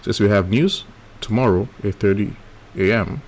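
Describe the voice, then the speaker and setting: A man's voice: on the low side, normal speed, a little mellow. A man teaching a live trading lesson in a casual coaching way, often checking in with "right?". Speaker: trading educator.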